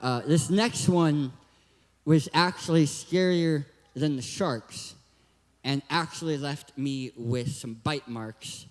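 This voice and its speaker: A man's voice: a little high, slow pace, in a large hall. A young man from Southern California with a lisping, cartoon-like voice gives a hyper, joking youth talk at a church. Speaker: guest speaker.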